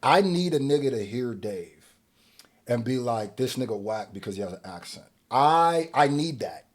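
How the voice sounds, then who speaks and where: A man hosting a music reaction video, casually commenting and swinging from quiet musing to loud, excited rants. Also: medium pitch, moderate pace.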